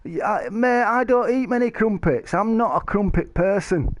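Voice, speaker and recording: A man's voice: sits high, moderate pace, dry recording. A man chatting casually to stream viewers, rambling and joking, laughing often. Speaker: live streamer.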